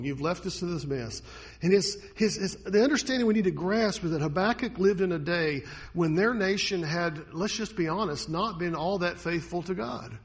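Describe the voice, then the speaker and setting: A male pastor delivering a sermon, his voice pitched high for a man. The tone is husky and a little rough. He swings between forceful, loud passages and quiet, hushed lines.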